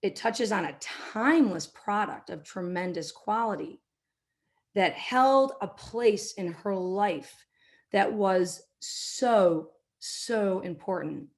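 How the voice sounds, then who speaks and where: A middle-aged woman, a marketing executive, giving a business talk and telling an anecdote, now and then acting out quotes in a softer voice. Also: mid-range voice, animated, takes it slowly. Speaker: keynote speaker, marketing executive.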